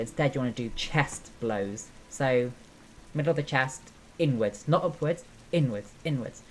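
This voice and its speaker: This streamer, who is also a nursing student, has a bass voice with a darkish tone, and a faint hiss or hum sits under the audio. She's a young woman chatting loosely as she plays, explaining things step by step with plenty of fillers and side comments.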